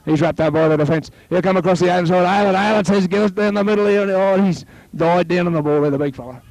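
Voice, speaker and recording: Gravelly Australian rugby league commentator. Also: male voice, fairly high pitch, fast talker, dry recording, low-quality recording. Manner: rises to excited shouting on tries, chatty asides to co-commentator. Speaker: match commentator.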